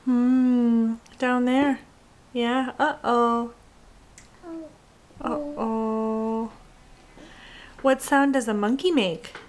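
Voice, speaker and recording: A woman talking baby talk to a toddler, coaxing in a slow sing-song voice and imitating animal sounds. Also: fairly high pitch, steady tone, darkish tone.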